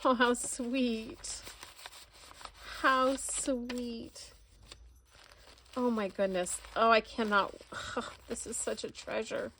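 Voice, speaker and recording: Slow-talking, gushing woman vlogger. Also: on the high side, steady tone, a bit bright, slight background noise. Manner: gushing, effusive, many exclamations. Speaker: crafting vlogger. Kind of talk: casual unboxing vlog. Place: at home. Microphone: camera recording.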